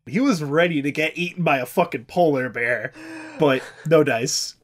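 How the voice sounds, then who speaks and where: A man's voice: on the high side, normal speed. Irreverent, cussing man telling a story. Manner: irreverent, swears freely, does silly voices. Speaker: podcast host. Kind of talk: casual comedic storytelling.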